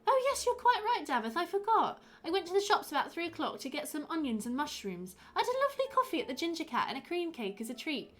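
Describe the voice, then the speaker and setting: A woman voicing a flustered, apologetic village wife in a high, gushing voice. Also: sing-song, fast talker, hardly any pauses, fairly bright tone, faint music behind, heavily acted.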